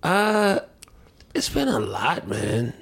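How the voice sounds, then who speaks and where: A man hosting a podcast, chatting casually in a lively, joking, excitable way. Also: fairly high pitch, takes it slowly, vocal fry, husky. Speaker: podcast host. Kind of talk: casual chat.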